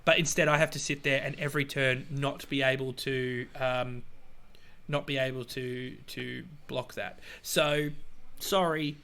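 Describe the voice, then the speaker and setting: An Australian man co-hosting a podcast, telling stories in a lively, exasperated way with sudden outbursts. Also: measured pace, smooth. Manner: animated, exasperated storytelling with sudden high outbursts. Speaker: podcast co-host. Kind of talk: casual chat.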